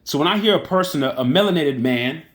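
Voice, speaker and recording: A man's voice: on the high side, lively intonation, fast, a bit bright. Indignant man ranting to camera. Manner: emphatic, indignant, repeats points for emphasis. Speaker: online commentator. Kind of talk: opinion rant monologue.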